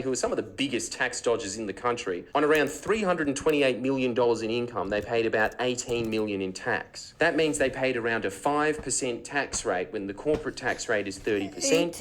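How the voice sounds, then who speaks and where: A man's voice: medium pitch, poor audio. A man delivering a mocking scripted monologue, firing heated rhetorical questions. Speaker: political comedian.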